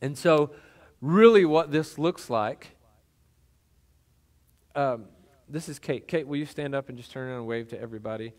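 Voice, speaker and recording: A man's voice: mid-range voice, normal speed, pauses often, a little mellow. A middle-aged male pastor preaching a sermon in a conversational, folksy way, with lots of fillers and restarts.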